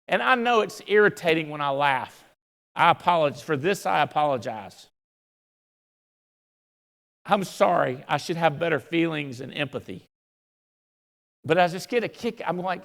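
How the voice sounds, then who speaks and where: Excitable man preaching motivation in a hall. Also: on the high side, moderate pace, creaky, long pauses. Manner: folksy, excitable, rambling storyteller. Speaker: company founder speaking at a convention. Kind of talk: motivational convention speech. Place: large convention hall. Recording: live hall reverb.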